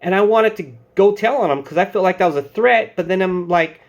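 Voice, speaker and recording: Guy in his 30s, kinda high voice, rambling through work stories and advice, doing little voices for people. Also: a little fast. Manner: loose storytelling, acting out quoted bosses and coworkers. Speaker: security channel host giving advice. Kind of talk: casual advice talk to camera.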